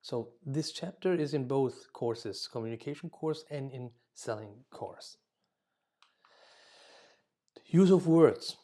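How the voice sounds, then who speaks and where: Warm-toned man lecturing dentists. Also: fairly high pitch. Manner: explains with example phrases, frequent "okay?" check-ins; self-corrects mid-word. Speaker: dental communication instructor.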